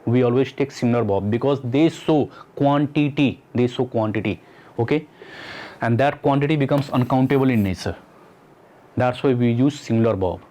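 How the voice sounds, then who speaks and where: A man's voice: medium pitch, normal speed, warm tone. A man teaching an English grammar lesson, explaining step by step and repeating key points as questions to students. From Nepal. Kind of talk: exam-prep grammar lesson.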